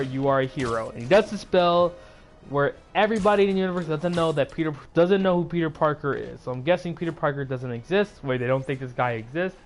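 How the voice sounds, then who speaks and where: A man with a fairly high voice retells a movie in a loose, rambling vlog recap, leaning on fillers as he goes. He's a YouTuber who sounds sleepy and keeps yawning. His throat is sore from all the talking.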